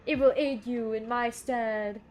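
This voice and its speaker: A woman voicing an ancient cosmic watcher, reading game lines in a grand, slow, formal manner. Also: fairly high pitch, fairly even intonation, a little mellow, soft background music, close to an everyday voice. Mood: solemn. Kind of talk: reading game dialogue aloud.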